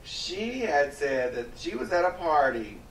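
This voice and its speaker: A man's voice: fairly high pitch, sing-song, a little slow, a little hiss or hum. A man co-hosting a gossipy casual chat in a sassy, campy manner. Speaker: co-host. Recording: roomy room, distant mic.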